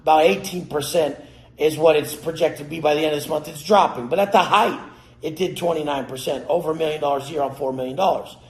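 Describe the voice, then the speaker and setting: A man giving a profane, aggressive motivational rant, cursing and yelling at his listeners. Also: fairly high pitch, fairly even intonation, fast talker. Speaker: motivational speaker. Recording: roomy echo.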